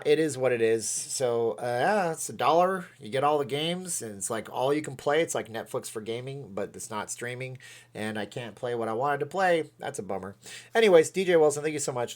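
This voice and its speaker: A Canadian-born man rambles through a casual livestream. He talks in a mid-pitched, everyday voice and reads viewer comments aloud between loose asides. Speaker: livestream host.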